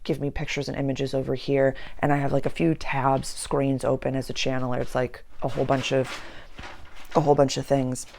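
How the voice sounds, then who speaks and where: A woman astrologer and channeler in casual spiritual talk, earnest, slowing down and repeating words for emphasis. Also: very deep voice, flat delivery, vocal fry, a little mellow, slight background noise.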